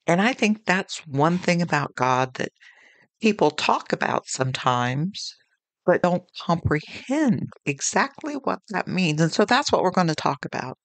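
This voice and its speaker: A woman delivers a devotional podcast talk at an unhurried, measured pace. Her manner is earnest and conversational, and she leans on homely personal anecdotes. The sound is dry and close, with no room echo. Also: fairly low pitch, sing-song. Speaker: podcast host.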